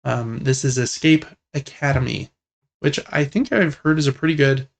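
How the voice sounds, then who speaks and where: A young man co-hosting a casual gaming podcast, talking in a relaxed, rambling and enthusiastic way. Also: mid-range voice, moderate pace, creaky. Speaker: podcast co-host.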